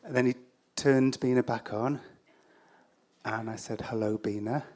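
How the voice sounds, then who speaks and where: An English man telling a true story on stage in a wry, self-deprecating way, halting with fillers and restarts. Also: mid-range voice, steady tone, a little mellow. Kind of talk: live storytelling.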